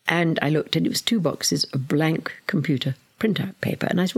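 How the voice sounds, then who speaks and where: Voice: mid-range voice, animated, fast, gravelly, husky. An older speaker from Britain, a podcast guest telling earnest, vivid stories and sometimes dropping to a whisper. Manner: earnest, vivid storyteller, drops to a whisper at times. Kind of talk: storytelling in a podcast interview.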